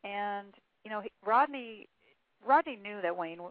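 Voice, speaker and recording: A woman's voice: mid-range voice, lively intonation, a little slow, no room sound. A woman guest on an interview, telling a story at length and reading quotes aloud, with frequent fillers, heard over a phone line. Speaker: author guest. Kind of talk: phone interview, recounting a case.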